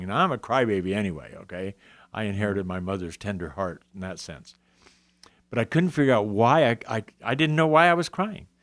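Quoting scripture often, a man tells his Christian testimony as a guest in a conversation, earnest and emotional. His voice sits in the mid-range, and the studio-quality recording is free of echo.

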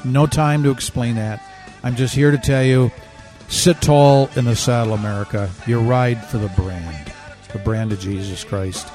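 A man's voice: medium pitch, fairly even intonation, measured pace, darkish tone, soft background music. A man hosting a talk radio show, delivering a fervent, emphatic political monologue with a preachy edge, a bit out of breath.

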